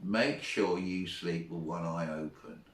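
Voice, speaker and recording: A man putting on a gruff, menacing movie gunslinger voice with a low, slow growl. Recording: roomy, from far off the mic.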